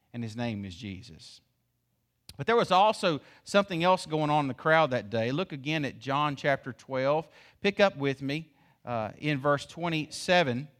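A man preaching a sermon, his voice sitting a bit higher than most men's. He swings widely up and down in pitch and keeps firing rhetorical questions at his folksy congregation. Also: a bit bright. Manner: folksy, calls the congregation y'all. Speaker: pastor.

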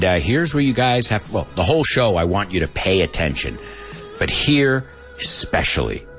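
A man's voice: fairly low pitch, a bit bright. A man hosting a casual live English lesson, joking and laughing a lot and dropping into Spanish asides. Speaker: English teacher and show host.

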